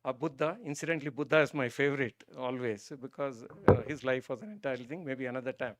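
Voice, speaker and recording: On an auditorium stage, a guest speaker from India gives a public talk on religion, telling a story that moves him before building to emphatic points; as he narrates, he grows emotional and soft. His medium-pitched voice moves at a quick pace. The recording is dry, with clean studio sound.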